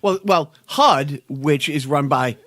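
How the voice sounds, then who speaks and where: A man's voice: a little high, slow, a bit bright, no room sound, clean studio sound. A man hosting a podcast in casual chat, ranting in a sardonic way. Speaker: podcast host.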